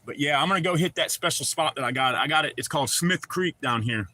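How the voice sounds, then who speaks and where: A man's voice: on the high side, quick pace, bright, forceful tone, no echo. A middle-aged man with a Southern accent chats loosely on a livestream, rambling and reading out viewer comments with casual swearing. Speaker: livestream host.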